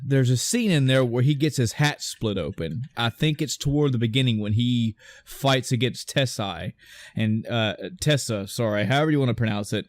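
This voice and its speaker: A man's voice: mid-range voice, no room sound. A man hosting a podcast in casual chat, rambling and restarting, often acting out movie lines. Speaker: podcast host.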